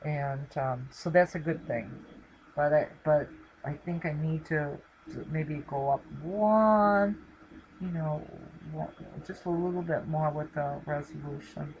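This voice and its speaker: A woman's voice: low-pitched, measured pace, a little mellow, a little hiss or hum, poor audio. A middle-aged woman hosting her own channel, chatting casually from home and rambling with lots of fillers. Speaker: channel host. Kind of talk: casual live-stream sign-off chat. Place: home, talking to camera with her dog.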